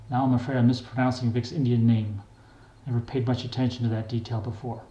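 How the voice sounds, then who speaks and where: An older man reads his own memoir aloud in a plain, wry, unhurried way. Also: medium pitch, level tone, warm tone, highs cut off. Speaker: memoir reader. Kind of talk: memoir narration. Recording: echoey room.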